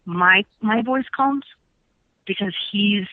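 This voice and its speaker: A woman psychic calls into a radio studio to give a phone-in reading, speaking slowly in a mid-range voice. She's emphatic and repetitive and laughs often, and the tinny phone line sounds dry.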